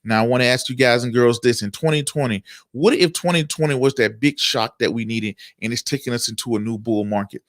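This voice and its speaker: A man hosting a stock market livestream talks in a loose, chatty way. He greets viewers by name and reads their comments before explaining the day's market moves. His voice sits at a middle pitch and sounds dry and close to the mic. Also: a little fast, hardly any pauses, no room sound. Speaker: host of a stock market show. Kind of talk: casual livestream market talk.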